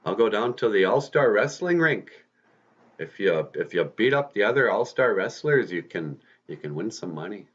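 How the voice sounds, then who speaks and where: A man playing an eager teenage boy hero, speaking in excited, earnest exclamations. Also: on the low side, normal speed, lo-fi sound.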